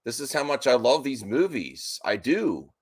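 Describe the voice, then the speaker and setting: A man talks to his live stream audience in a restless, excited rush. He is nervous and worked up, and he keeps breaking off mid-sentence to start again. His voice sits at an ordinary middle pitch. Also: moderate pace, slightly rough. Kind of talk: live stream reaction chat.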